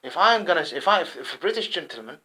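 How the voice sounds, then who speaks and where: Impassioned rambling man, lively pitch. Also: fast, slightly rough, low-quality recording. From Arab world. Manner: rambling, repeats himself, swings between loud and muttered. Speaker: vlogger. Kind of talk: impassioned monologue to camera. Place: at home in England.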